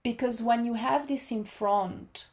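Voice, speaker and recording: A woman guest on a podcast, speaking calmly and reflectively about voice and body awareness. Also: fairly high pitch. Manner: slow, calm, exploratory speech.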